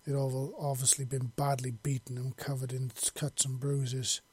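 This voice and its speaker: A man narrating a fiction chapter in a steady, plain storytelling way. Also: medium pitch, moderate pace, breathy edge. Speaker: audiobook narrator.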